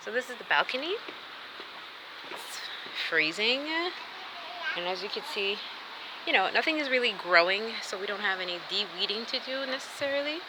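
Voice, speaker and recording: A woman's voice: mid-range voice, expressive, moderate pace, noisy background. A woman chatting casually as she walks through her house, rambling and laughing often. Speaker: vlogger. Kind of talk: casual home tour vlog. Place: house, indoors.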